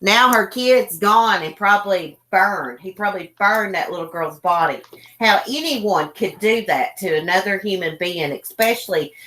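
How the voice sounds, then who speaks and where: A woman's voice: mid-range voice, lively intonation, moderate pace, bright, forceful tone. A woman hosting a casual live stream, chatting folksily with her guest and viewers. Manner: chatty, folksy, addresses chat viewers by name.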